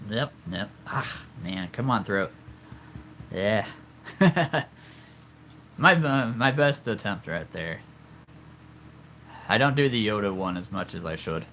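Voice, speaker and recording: A man's voice: lowish voice, lively intonation, slow pace, long pauses, pushed and bright, slight background noise. A man in his thirties chatting casually on a livestream from his home, rambling and laughing often at himself. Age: 30s. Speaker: streamer showing his figure collection. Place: home room with toy figures.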